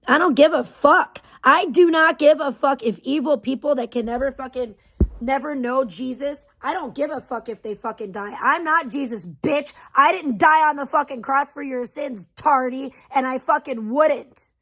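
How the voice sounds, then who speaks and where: A woman's voice: high voice, moderate pace, a bit bright. A woman hosting a livestream, ranting heatedly with constant swearing and insults. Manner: profane, heated, venting. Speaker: livestream host. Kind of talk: angry livestream rant.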